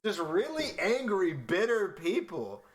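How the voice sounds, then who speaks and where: A man's voice: high voice, huge pitch swings, a little slow. A young man hosting a reaction video, talking loosely and slangily as he comments, with frequent "dude". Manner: loose, slangy, rambling, says dude a lot.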